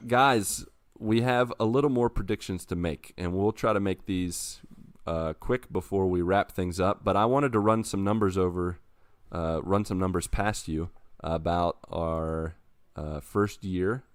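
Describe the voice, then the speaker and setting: Podcast host guy, low voice, jokey and upbeat, dry close sound. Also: dry recording. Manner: jokey, upbeat, runs the segment. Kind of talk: casual podcast chat.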